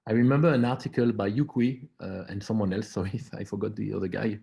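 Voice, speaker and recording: A man speaking as an artist and curator in a panel discussion over a video call, slow and reflective, pausing often. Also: on the low side, steady tone, vocal fry, mellow.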